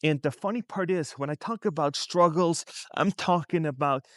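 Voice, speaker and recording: A man vlogs about finances in a relaxed, conversational tone, his voice sitting a little high for a man. He keeps throwing rhetorical questions at the viewer. The sound is dry and close, with no room echo. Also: normal speed. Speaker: finance vlogger. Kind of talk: casual commentary to camera. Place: outside a store in a shopping district.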